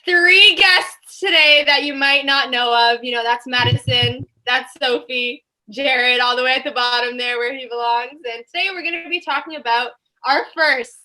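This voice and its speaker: A young woman with a high, bright voice co-hosts a laid-back chat with friends. She teases the others playfully and often lowers her voice to a near hush. The sound comes through a video call. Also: normal speed, hardly any pauses, low-quality recording. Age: young adult. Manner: playful, teasing, hushed when introducing. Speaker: podcast co-host. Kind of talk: casual chat among friends.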